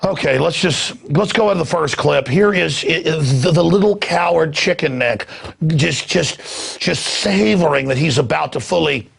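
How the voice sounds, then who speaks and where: A male talk show host delivering an angry, rapid, mocking rant with shouted bursts. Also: a little high, creaky, breathy edge. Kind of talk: ranting commentary.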